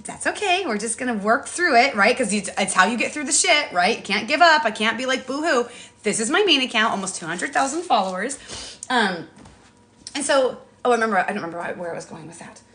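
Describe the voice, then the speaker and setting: A woman in her thirties chatting casually on a morning phone livestream from her apartment, rambling, animated and laughing often. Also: fairly high pitch, quick pace. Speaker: TikTok live streamer. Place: apartment above a garage.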